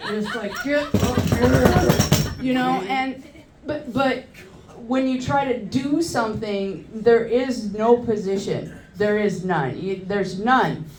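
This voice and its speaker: A woman's voice: fairly high pitch, takes it slowly, roomy sound, noisy background. A woman in her forties doing a crude stand-up comedy set, telling loose stories and working the crowd from a club stage.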